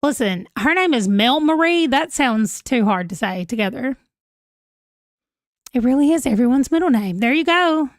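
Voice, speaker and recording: A woman's voice: high voice, animated, moderate pace, no echo, studio quality. Chatty, giggly woman streaming. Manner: chatty and giggly, reacting to viewer comments. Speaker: livestream host. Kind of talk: casual livestream chat reading comments. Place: home room, holding a pet.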